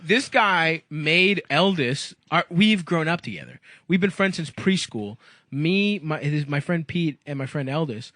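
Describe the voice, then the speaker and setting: A man with a bright, fairly high voice, recorded dry and close on a comedy podcast. He rambles through his stories loosely and laughs a lot. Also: expressive, a little slow, no echo. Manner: rambling, laughs often, crude jokes. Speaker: podcast co-host. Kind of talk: casual comedic podcast chat.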